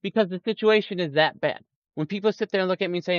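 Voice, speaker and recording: Fast and high, this man's voice carries furious, profanity-heavy livestream commentary from a stock market streamer who mocks quoted people with silly put-on voices. The recording is dull lo-fi and dry.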